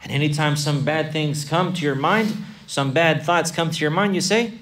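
A man leads a faith lesson for children, firing questions and repeating answers back to them. His voice sits fairly high. It sounds picked up from a distance in the room. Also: moderate pace. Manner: asks and repeats questions, animated, builds lists. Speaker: religious teacher of children. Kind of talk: Islamic lesson for kids with questions.

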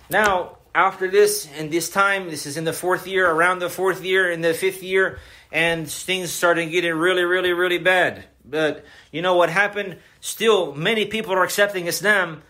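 A man's voice: sits high, pushed and bright. A man giving a religious lecture, emphatic and repetitive, often asking his listeners questions. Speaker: Islamic lecturer.

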